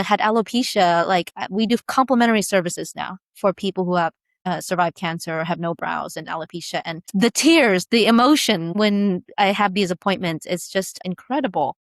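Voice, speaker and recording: A woman guest, a brow tattoo business founder, telling her personal story in an interview in emphatic, animated bursts. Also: mid-range voice, dry recording, studio quality.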